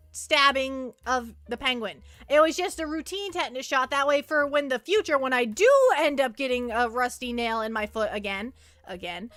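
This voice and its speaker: Woman, high pitched, dry close sound, rambling casual stream chat, stammering. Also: pushed and bright, no room sound. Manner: rambling, stammering, repeats words. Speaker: virtual streamer.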